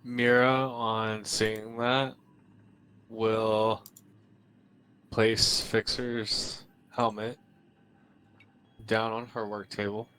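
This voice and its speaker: A man playing in a tabletop role-playing game, slowly and deliberately describing what his character does. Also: lowish voice, clean tone. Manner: slow, deliberate, flat delivery. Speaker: player. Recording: faint background noise.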